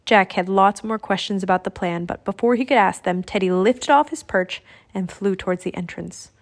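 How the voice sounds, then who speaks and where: A woman reading a children's adventure book aloud in a steady storytelling manner. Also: mid-range voice, normal speed. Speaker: audiobook reader.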